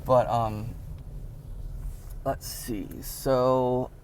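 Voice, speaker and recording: A man's voice: medium pitch, level tone, very slow, darkish tone, a little hiss or hum. A man telling a personal story in a casual, rambling way, with many fillers and sudden bursts of disbelief. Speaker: vlogger telling his life story.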